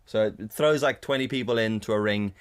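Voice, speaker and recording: This man co-hosts a podcast and, in a lowish, clear and resonant voice, briskly tells a story during casual chat into a condenser studio mic. He's animated and swears a lot, and he mimics his partner in a raised voice.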